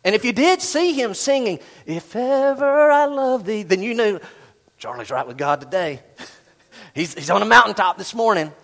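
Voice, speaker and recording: A middle-aged man preaching a sermon, animated, swinging from loud bursts to hushed asides. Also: high-pitched, moderate pace, gravelly. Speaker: pastor.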